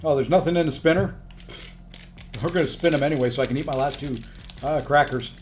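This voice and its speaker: A man with a fairly high voice chats casually through a live game stream, upbeat and a little tired as he thanks viewers by name. Faint game music plays quietly behind him. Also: quick pace.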